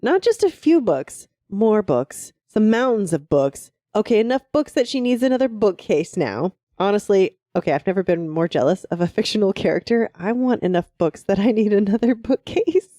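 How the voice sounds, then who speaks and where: Mellow-voiced woman gushing about books. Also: medium pitch, sing-song, normal speed, hardly any pauses, no room sound, clean studio sound. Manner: gushing, laughing recap. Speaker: podcast co-host. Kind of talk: casual book discussion.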